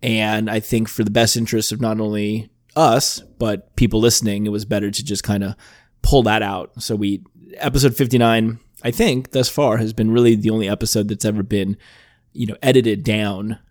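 A man's voice: fairly low pitch, steady tone, moderate pace, darkish tone, no echo. Man, podcast host, throaty, rambling, dry sound. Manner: rambling, keeps clearing his throat. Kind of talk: casual chat.

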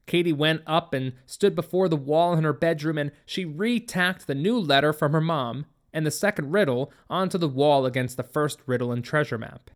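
A narrator telling a story as an audiobook, in a mid-range voice. The delivery is steady and plain, moving evenly through the scenes. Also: medium pitch, moderate pace, hardly any pauses.

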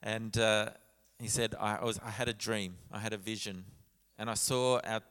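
A low-voiced man preaches a sermon in a church sanctuary with a long reverb tail. He tells a personal story and voices the other people's lines. His speech is full of small restarts. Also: steady tone, normal speed, a bit bright, smooth. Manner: storytelling with quoted dialogue, many restarts. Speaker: pastor.

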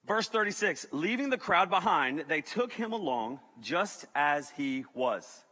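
A man preaching to students as a youth pastor, animated and joking, talking to the crowd. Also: fairly high pitch, measured pace. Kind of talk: sermon to students. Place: large hall with audience. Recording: reverberant hall.

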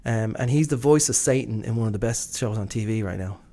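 A man's voice: fairly low pitch, fairly quick, dark tone. A man from Britain co-hosting a casual conversation. He rambles enthusiastically, restarting sentences and leaning on fillers. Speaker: podcast co-host. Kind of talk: casual chat.

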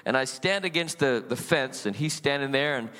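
A middle-aged male pastor preaching a sermon and telling his testimony in an animated storytelling way, acting out voices in the story. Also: mid-range voice, moderate pace, clean tone, long reverb tail. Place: church.

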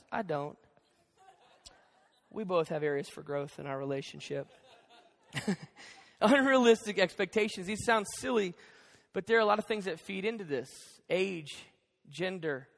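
A young male pastor preaching a sermon, telling stories in an animated, joking way. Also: fairly high pitch. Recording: echoey church hall.

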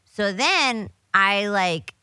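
Bright-voiced woman telling a profane story. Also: mid-range voice, drawn-out words, clear, resonant tone, dry recording, rough recording. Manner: profane, animated storyteller acting out quotes. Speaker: podcast host. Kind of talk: casual storytelling chat.

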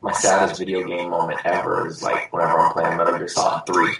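Deep-voiced young man in an echoey room. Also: flat delivery, fast, vocal fry, fairly bright tone. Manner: rambling, many ums and restarts. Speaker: podcast co-host. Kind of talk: casual gaming chat. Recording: very echoey room, faint hiss.

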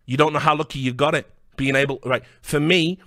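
A man's voice: a little high, steady tone, brisk, fairly bright tone, no echo, studio quality. Heated, profane British man ranting. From Britain. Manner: heated, profane, combative, with stammered restarts. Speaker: online commentator. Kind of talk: angry video rant.

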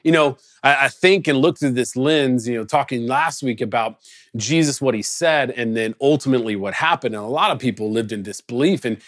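Speaking briskly in a mid-range voice, a male pastor gives a casual sermon, conversational in tone, with animated storytelling and acted quotes. He recorded it away from the congregation during lockdown, and the sound is clean studio audio without echo.

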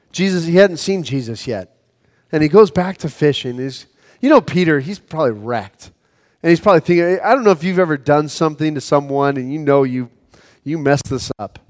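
Man preaching in a reverberant hall. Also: fairly high pitch. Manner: casual storytelling preaching, acting out quotes; swings from lively to soft and hushed. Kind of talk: evening sermon.

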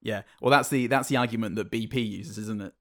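A man's voice: on the low side, fairly quick. A man co-hosting a casual comedy podcast, tossing in dry quips. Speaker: podcast co-host.

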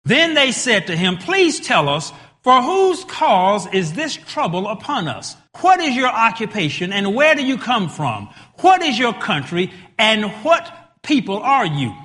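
Male preacher, very high and bright voice, slow emphatic delivery that rises to shouts, long hall reverb. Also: big pitch swings. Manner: emphatic, rising to shouted points with repeated words. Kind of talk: sermon with scripture reading.

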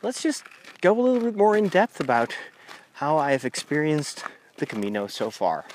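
A man's voice: on the high side, huge pitch swings, normal speed, a little mellow, slight background noise. A man, a Catholic priest talking through his journey in a rambling, conversational podcast monologue while walking a country path outdoors, recorded on a lavalier mic on his phone. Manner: rambling, conversational, with frequent restarts.

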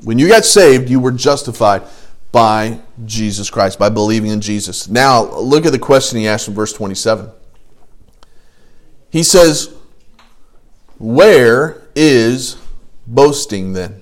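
A man teaching an adult Bible study, lively and animated, often acting out quoted voices. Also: moderate pace. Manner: animated, acts out quoted voices with rising pitch.

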